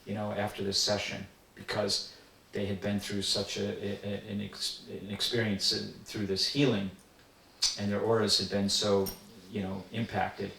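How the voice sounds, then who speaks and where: A man's voice: lowish voice, completely flat delivery, moderate pace, creaky, pushed and bright. An older man earnestly recalling personal experiences in an interview. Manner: earnest, reflective storytelling. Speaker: interviewee recalling a spiritual teacher. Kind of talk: personal reminiscence. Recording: roomy sound from a distant mic.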